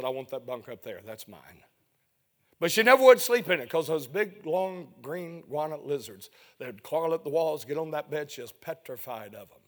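This man preaches a sermon through a story, his voice climbing to loud, emotional peaks before dropping to a low hush.

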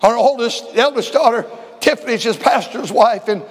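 An older man preaching a folksy sermon, repeating words and swinging from shouts to quiet talk. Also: very high-pitched, normal speed. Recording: long hall reverb.

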